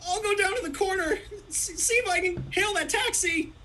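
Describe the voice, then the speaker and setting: A performer voicing a nervous, flustered young male student in a comedy table read, with a squeaky stammering cartoon-teen delivery. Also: moderate pace, bright, forceful tone, slight background noise.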